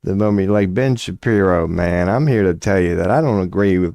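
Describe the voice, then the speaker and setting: A man's voice: low-pitched, normal speed, darkish tone, no room sound, studio quality. A man streaming a casual rant, profane and mocking, with a drawling delivery at his computer.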